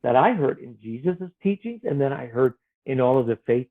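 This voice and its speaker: A man, an author, talking earnestly and gently about faith and self-worth, sometimes acting out the voices in his head. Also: mid-range voice, sing-song, moderate pace. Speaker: author guest. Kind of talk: reflective spiritual conversation. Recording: tinny phone-like line.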